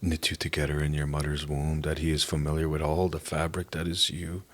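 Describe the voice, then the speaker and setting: A middle-aged man from Canada giving an earnest, halting personal testimony as a podcast guest. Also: extremely low pitch, little pitch movement. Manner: earnest, halting, emotional at times.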